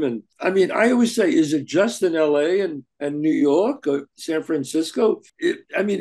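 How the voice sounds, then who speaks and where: Older male co-host, animated and earnest, slightly high voice, casual chat. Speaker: podcast co-host.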